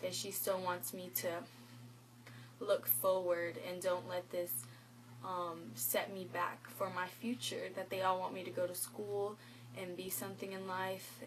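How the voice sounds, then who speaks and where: Lowish and a little slow, a teenage girl's voice tells her own story for a vlog. She re-enacts conversations with quoted lines and lots of "like." A bit of hiss or hum sits on the poor audio.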